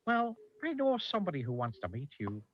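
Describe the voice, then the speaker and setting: A man's voice: fairly high pitch, wildly swooping pitch, a little fast, no echo, voice pushed up. A man voicing a cheeky, mischievous male goblin in a 1970s cartoon, with a gleeful, teasing manner, heard on a dull old TV soundtrack.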